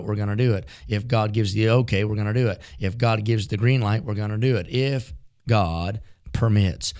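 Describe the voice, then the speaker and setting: Fervent preacher man with a low voice. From rural mountain country. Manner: repetitive rhythmic preaching with fervent build-ups. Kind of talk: sermon.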